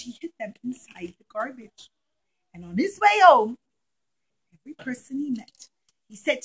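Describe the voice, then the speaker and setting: A woman with a high, bright voice tells a story to a class of young children. She is animated, acting out the characters with gasps, exclamations and whispers, and talks back and forth with the kids. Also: slightly rough, poor audio. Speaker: teacher telling a story to children.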